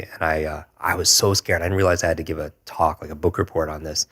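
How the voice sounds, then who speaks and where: A man's voice: very deep voice, steady tone, quick pace, hardly any pauses, fairly bright tone. A man in his forties, a podcast guest, earnestly telling a personal story, reflective and hesitant with restarts. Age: 40s.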